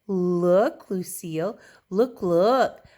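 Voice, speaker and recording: A woman reading a children's storybook, voicing a bossy, showy little girl rival in a loud, gushing voice. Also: on the low side, extremely slow. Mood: eager.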